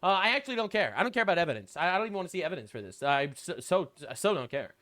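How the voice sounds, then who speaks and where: A man's voice: high-pitched, big pitch swings, racing, bright, forceful tone. A man hosting a political reaction commentary show, talking in a sarcastic, crude, mocking way. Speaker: show host.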